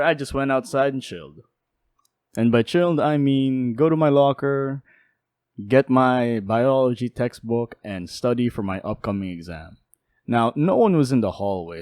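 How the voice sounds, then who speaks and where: A young man casually telling a personal story in a lively, jokey way, with quick asides. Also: medium pitch, no echo, studio quality. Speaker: storytelling YouTuber.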